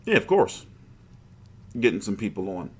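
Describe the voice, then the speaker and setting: A man's voice: on the low side, big pitch swings, moderate pace, a little mellow, husky. A man hosting a boxing livestream, chatting casually in a rambling, profane, frustrated way.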